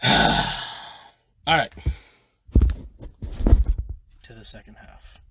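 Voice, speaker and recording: A man's voice: takes it slowly, noisy background. A sleep-deprived man livestreaming from a room at home on his phone, gushing and rambling about movies and swearing freely. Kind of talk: casual livestream rant.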